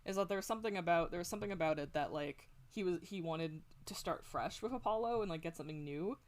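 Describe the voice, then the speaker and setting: A woman's voice: on the low side, fast talker. A woman streamer chatting casually and rambling, swearing a lot and laughing often, on a close desk mic at home. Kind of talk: casual stream chat while drawing.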